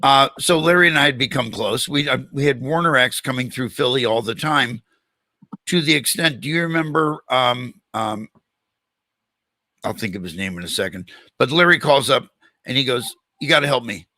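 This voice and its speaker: A man's voice: medium pitch, moderate pace, no echo. An older man hosting an interview, telling a long anecdote and acting out the dialogue in it. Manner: animated storyteller, acts out quoted dialogue. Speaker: podcast host. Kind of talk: storytelling in a casual interview.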